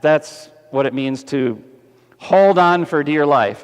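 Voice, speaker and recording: A man preaching a sermon as pastor, animated and putting questions to the congregation, kids included. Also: medium pitch, a little slow, gravelly. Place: church sanctuary. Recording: echoey church hall.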